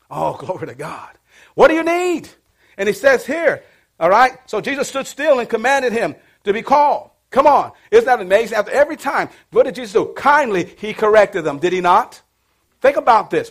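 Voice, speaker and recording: A man with a high voice preaches a sermon to his congregation. He drops to a hush, almost a whisper, then rises into loud exclamations, calling out to the people as he goes. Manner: swings from hushed near-whispers to loud exclamations; preaching with call-outs to the congregation. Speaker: pastor.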